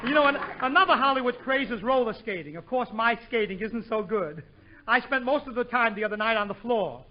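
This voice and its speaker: A man's voice: very high voice, expressive, a little fast. A man hosting a 1940s radio comedy show, delivering punchy wisecracks. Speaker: comedian host. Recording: muffled old radio with studio audience and hiss.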